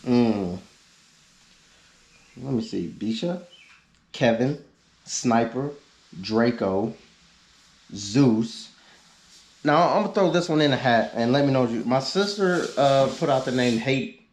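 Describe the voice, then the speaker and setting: Male vlogger, unhurried and easygoing, mid-pitched, joking asides. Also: animated. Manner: laid-back, drawn-out, joking asides. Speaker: YouTube car vlogger. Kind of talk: casual chat reading viewer suggestions.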